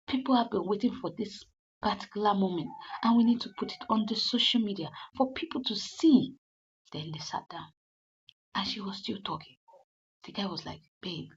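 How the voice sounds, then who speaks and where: A woman's voice: medium pitch, breathy edge. A woman casually retelling a comedy episode as a reviewer, acting out the lines and turning emphatic and scolding. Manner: retells scenes in quoted character lines, grows emphatic and scolding. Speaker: movie reviewer. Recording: dull lo-fi sound.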